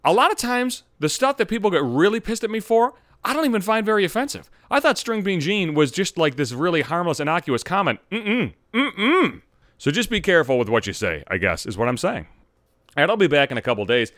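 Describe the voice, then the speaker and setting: Man, podcast host, profane comedic rant, lively swooping delivery, fast talker. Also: a little high, no echo, clean studio sound. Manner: vulgar, animated ranting with mock outrage.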